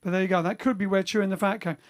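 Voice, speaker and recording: A man's voice: high-pitched, fairly even intonation, rapid-fire. Rambling chatty man on a livestream. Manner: rambling, chatty, with many fillers and restarts. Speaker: band member hosting a livestream. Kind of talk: casual livestream chat reading viewer comments. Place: home during lockdown.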